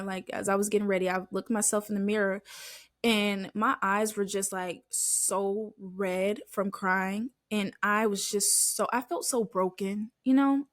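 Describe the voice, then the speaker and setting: A woman's voice: mid-range voice, no echo, clean studio sound. A woman hosting a faith podcast, candidly telling an emotional personal story straight to her listeners in loose, filler-heavy speech. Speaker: podcast host.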